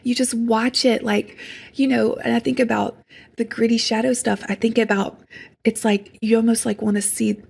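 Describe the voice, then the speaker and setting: A woman talking as a podcast guest in a reflective spiritual conversation, earnest and tender, sometimes slipping into soft whispers. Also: a little high, flat delivery, normal speed, vocal fry, husky.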